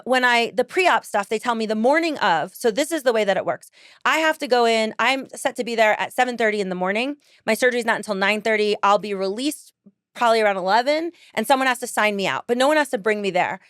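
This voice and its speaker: A woman podcast host telling a personal story in casual chat, animated, laughing often and acting out other people's lines. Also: on the high side, brisk, smooth, no room sound, studio quality.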